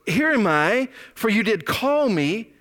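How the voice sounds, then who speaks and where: A man's voice: high-pitched, sing-song, slow, fairly bright tone, pitched above the performer's own voice, heavily acted. A preacher voicing the boy Samuel from scripture, eager and raised.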